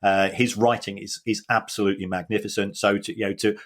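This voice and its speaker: Earnest, low-voiced man co-hosting a podcast. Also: flat delivery, fairly quick. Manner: earnest, emphatic, with frequent restarts. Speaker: podcast co-host. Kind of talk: casual football podcast chat.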